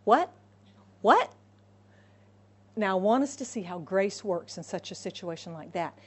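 Woman preaching an animated sermon. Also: fairly low pitch, brisk, breathy edge. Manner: animated, acts out dialogue with God and Moses.

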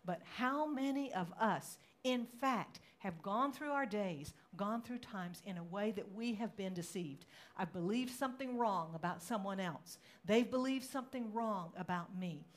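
A woman pastor preaching a sermon, moving between relaxed storytelling and dramatic, loud acted-out quotes. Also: moderate pace, few pauses. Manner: dramatic, acts out quotes with rising pitch and volume; conversational storytelling with fillers.

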